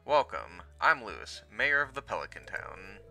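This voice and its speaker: A man's voice: lowish voice, very animated, normal speed, vocal fry, bright, forceful tone, soft background music, heavily acted. A man voicing an older male small-town mayor, reading his game lines in a mock-formal way. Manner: reads game dialogue aloud, mock-formal.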